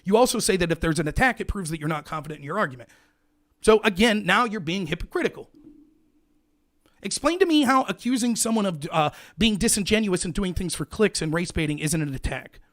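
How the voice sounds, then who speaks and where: Loud, fast-talking male host. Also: high-pitched, expressive. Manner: loud, passionate, repetitive hectoring questions. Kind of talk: heated call-in debate.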